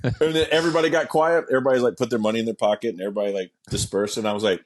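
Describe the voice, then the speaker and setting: A man with a husky, slightly breathy voice tells a story as an interview guest. He acts out every quote, jumping up in pitch for them, and swears and laughs freely along the way. His pitch sits in an ordinary middle range. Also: fast. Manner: animated, acts out quotes with sudden pitch jumps. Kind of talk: casual storytelling.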